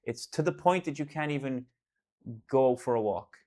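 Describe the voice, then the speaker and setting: A man's voice: mid-range voice, animated, normal speed, warm tone. A man in casual one-on-one talk, earnest and reassuring, rambling with fillers and restarts and repeating himself for emphasis. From Ireland. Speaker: artist and host.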